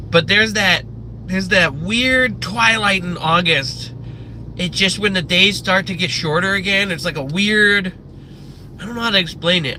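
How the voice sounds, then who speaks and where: A man from the Midwest US with a high, very bright and sharp voice, ranting on a casual livestream. He swears freely and drifts from one tangent to the next, and a faint car hum sits in the background. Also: poor audio. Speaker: live streamer.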